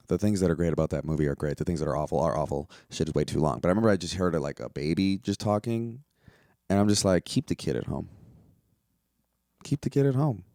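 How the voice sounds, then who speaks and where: A man's voice: deep voice, a little mellow, no echo, studio quality. A young man from the United States hosting a solo podcast, talking in a rambling, profane, exasperated way. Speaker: podcast host. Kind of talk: casual solo podcast rant.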